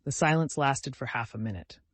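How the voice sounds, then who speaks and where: This audiobook narrator reads from a classic novel in a measured, story-driven way. He has a mid-range, slightly bright voice with lively intonation, recorded without any room sound.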